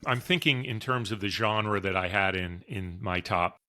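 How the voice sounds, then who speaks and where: A man co-hosting a sports chat show who delivers blunt, opinionated verdicts. His voice is fairly low but bright and forceful in tone. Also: moderate pace. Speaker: podcast co-host.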